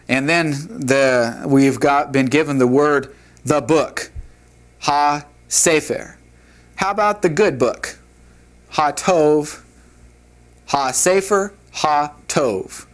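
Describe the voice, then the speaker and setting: Male instructor, unhurried lecture delivery, patient tone. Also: medium pitch. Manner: slow, patient, sounds out words. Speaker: Hebrew teacher. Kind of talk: classroom lecture.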